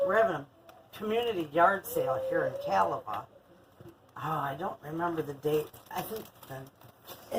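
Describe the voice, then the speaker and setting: A woman's voice: fairly low pitch, noisy background. An older woman chatting casually through a home kitchen vlog, rambling and friendly. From Michigan. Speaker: homestead vlogger.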